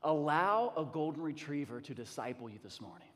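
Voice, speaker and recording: High-voiced man preaching in a reverberant hall. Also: fairly quick. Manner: energetic, emphatic preaching with repetitions. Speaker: pastor. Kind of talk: sermon. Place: church sanctuary. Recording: long reverb of a large hall.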